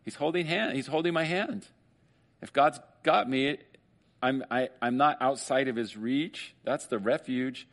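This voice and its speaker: A man's voice: mid-range voice, measured pace, fairly bright tone. A man preaching a sermon as pastor, conversational, with joking asides to the congregation.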